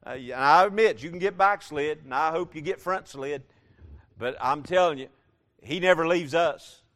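A man preaches a sermon with a slightly raised pitch, leaning hard on repeated phrases. He moves between hushed, earnest stretches and loud, emphatic declarations. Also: normal speed.

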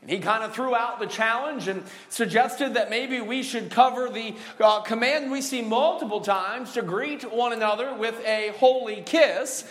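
High-pitched guy preaching in church, jokes around, asks the church to answer back. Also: a bit bright. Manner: call-and-response preaching, drawn-out emphasis; jokey, laughing asides. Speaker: pastor. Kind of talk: sermon. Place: church sanctuary.

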